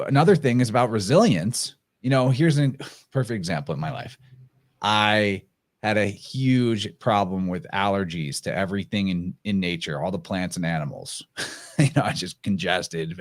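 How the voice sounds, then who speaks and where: A man with a low voice hosts a relaxed podcast conversation. He adds to his guest's points in a thoughtful, measured way. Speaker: podcast host.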